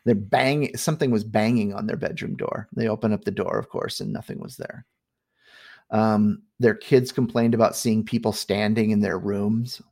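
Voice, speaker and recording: A middle-aged man casually telling a spooky family story on a podcast, animated and full of fillers. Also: fairly low pitch, normal speed, gravelly. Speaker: guest storyteller.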